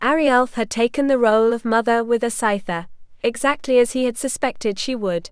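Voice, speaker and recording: Smooth-voiced woman narrating an audiobook. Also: on the high side, moderate pace, few pauses, dry recording, clean studio sound. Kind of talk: scripted narration.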